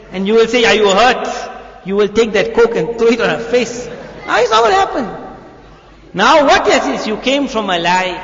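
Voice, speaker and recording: A man giving a youth sermon as a molana, telling the story with animated asides and acted-out voices. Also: sits high. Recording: echoey hall, dull lo-fi audio.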